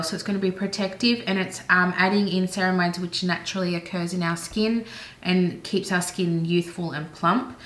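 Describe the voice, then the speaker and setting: A woman's voice: fairly low pitch, fairly bright tone. An Australian woman chatting casually and enthusiastically through a beauty product haul, with rambling asides. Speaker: beauty vlogger. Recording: roomy echoey room.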